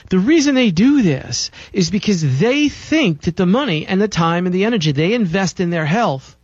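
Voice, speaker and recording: A man's voice: fairly high pitch, no room sound, dull audio. A man hosting a health talk show, lecturing listeners in an emphatic, insistent way with a lot of repetition. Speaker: radio show host.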